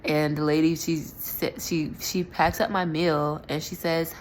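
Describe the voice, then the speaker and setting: A young woman with a notably low voice talks through a personal story in a loose, rambling way, stopping and restarting often. A faint hiss sits under the recording. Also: level tone, a little slow. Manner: rambling, filler-heavy, self-correcting. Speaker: spiritual vlogger. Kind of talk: casual storytelling monologue.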